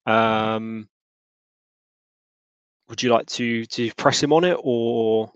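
A man's voice: medium pitch, steady tone, takes it slowly, smooth, dry recording. Man narrating as game master, hesitant. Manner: hesitant, lots of ums and restarts. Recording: dull lo-fi sound.

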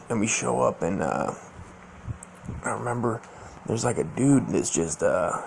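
Brief: young guy, gravelly, cussing storyteller, slangy and rambling, faint hiss behind. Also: on the low side, lively intonation, a little slow, pauses often. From Southern California. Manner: profane, rambling, slangy storytelling with many fillers. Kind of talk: casual storytelling.

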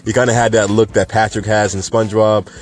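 A man hosting a casual cannabis news show, talking in an animated, chatty and emphatic way. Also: on the low side, brisk.

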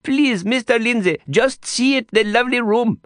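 A man voicing an excitable, eager small street guide, in a storybook reading. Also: very high voice, normal speed, no echo, studio quality, voice pushed up. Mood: pleading. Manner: pleading, eager, chattering.

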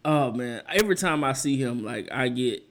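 A young man in casual chat, an animated storyteller who laughs often. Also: mid-range voice, moderate pace, a loud crowd.

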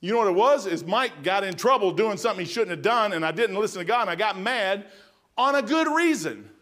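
A man's voice: high voice, expressive, brisk, fairly bright tone. A middle-aged man preaching a sermon in a folksy, emphatic storytelling manner.

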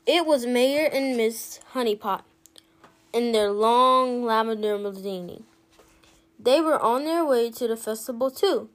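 A woman reads a children's picture book aloud at an unhurried pace. Her voice sits a little high, and she brightens it whenever a character speaks. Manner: slow, expressive read-aloud, lifting her voice for characters. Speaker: storybook reader.

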